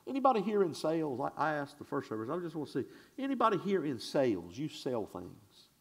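A male pastor preaching a sermon in a church, swinging from shouted declarations to hushed asides in a folksy, conversational way. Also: fairly high pitch, wildly swooping pitch. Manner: conversational, drawn-out and folksy, with audience call-and-response.

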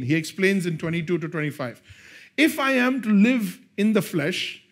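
A male pastor preaching a sermon, swinging between hushed, slow lines and loud, excited bursts. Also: sits high.

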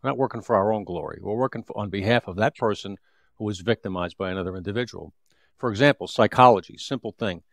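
A man's voice: lowish voice, fast, creaky, fairly bright tone, dry recording. A man in his fifties, a retired police detective, telling a street story in an interview with vivid, repetitive restarts.

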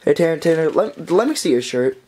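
A teenage boy talks briskly to a handheld camera in a casual vlog, his voice on the high side, mellow, with lively intonation. He rambles and keeps circling back with "anyways," partly outdoors in wind. The recording is low quality, with slight background noise.

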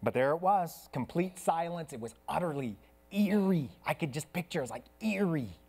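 Earnest male pastor preaching softly, then raised. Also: on the high side, lively intonation, normal speed, breathy edge. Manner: earnest preaching, swings from soft hushed to raised. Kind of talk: sermon. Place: church.

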